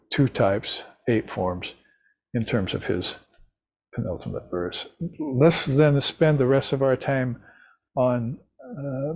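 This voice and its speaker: A man giving an unhurried, reflective talk on scripture, now and then chanting short mantras. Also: mid-range voice, slightly rough. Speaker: spiritual teacher. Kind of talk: recorded lecture on scripture.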